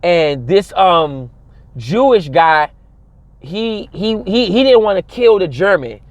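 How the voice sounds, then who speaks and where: A man's voice: high voice, expressive, slow pace, no echo. A young adult man talking straight to camera in a casual vlog, emphatic and preachy, repeating phrases for stress. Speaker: vlogger. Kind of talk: casual commentary monologue.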